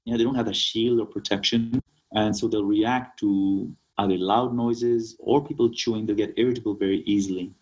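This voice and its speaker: A man's voice: on the low side, fairly even intonation, moderate pace, darkish tone, highs cut off. A man from Kenya, a naturopathic doctor, explaining remedies as an interview guest and often checking in with "right?". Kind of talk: casual interview talk.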